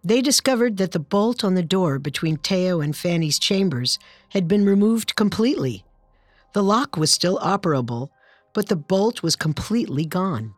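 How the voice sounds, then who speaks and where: A woman narrating a true-crime story in a measured, scripted way. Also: on the low side, expressive, no room sound, faint music behind.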